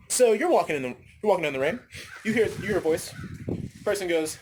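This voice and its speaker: Male vlogger, slightly high voice, rambling and profane, on a phone outdoors with faint noise behind. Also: a little fast. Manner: rambling, animated, profane, repeats himself. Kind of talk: casual ranting monologue. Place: outdoors, windy.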